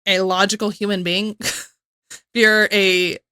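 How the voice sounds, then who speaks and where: A woman's voice: mid-range voice, flat delivery, measured pace, pushed and bright, smooth, no room sound, studio quality. A woman hosting a reaction video, chatting in a rambling way and laughing often. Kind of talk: casual reaction commentary.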